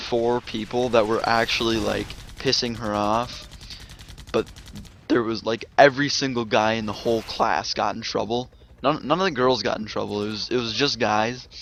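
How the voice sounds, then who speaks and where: A man's voice: medium pitch, gravelly, a bit bright. Rambling man telling a story. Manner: rambling, lots of "like" fillers and restarts. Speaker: gaming vlogger. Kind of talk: casual storytime vlog.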